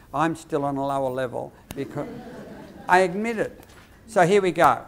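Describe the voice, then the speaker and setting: Animated man leading a teacher workshop. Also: a little high. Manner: lively, demonstrative, acts out dialogues. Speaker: lecturer on behaviour management.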